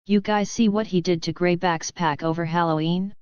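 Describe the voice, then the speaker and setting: A woman's voice: lowish voice, fairly even intonation, normal speed, darkish tone, smooth, dry recording, close to an everyday voice. A woman voicing a casual, unfazed man in a storybook reading, with a dry, slightly dull recording. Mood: breezy.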